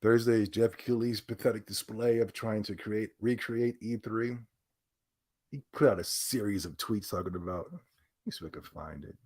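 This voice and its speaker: A man's voice: fairly low pitch, normal speed, darkish tone. A man giving a ranting gaming commentary, indignant and sarcastic in a mocking way.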